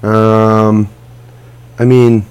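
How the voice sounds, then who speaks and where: A laid-back man with a fairly low voice, chatting as a guest on a radio show. He speaks haltingly and leans on fillers while hunting for words. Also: level tone, a little mellow, clear, resonant tone. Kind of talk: casual radio chat. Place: radio studio.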